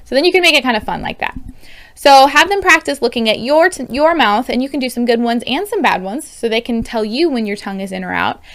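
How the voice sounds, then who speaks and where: A woman's voice: on the high side, expressive, fast, fairly bright tone. A woman in her thirties teaching parents how to help children with speech sounds, in an upbeat, demonstrative way. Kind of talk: instructional video.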